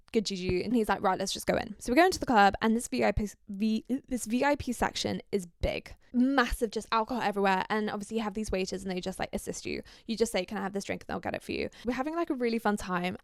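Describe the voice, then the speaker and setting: This is a young woman in her twenties telling a dating story on her own podcast, loose and chatty. She swears freely and slips into little acted-out quotes. Her voice is smooth and clear, and the recording is close and dry with no room sound. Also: medium pitch, dry recording. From Scandinavia. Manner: chatty, animated, swears often, acts out quotes. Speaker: podcast host. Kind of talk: casual storytelling.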